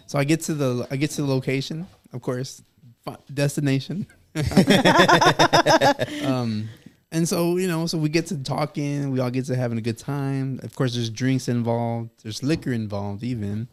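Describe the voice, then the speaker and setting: A man's voice: medium pitch, normal speed. A man, a podcast guest, telling a long story in a casual way, laughing often and acting out what people said. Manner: animated, laughs through the telling, acts out dialogue.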